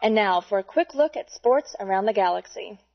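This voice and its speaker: A woman playing a polished news anchor in a spoof newscast, with a smooth newsreader delivery. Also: mid-range voice, animated, brisk, close to an everyday voice. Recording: dull lo-fi with faint music.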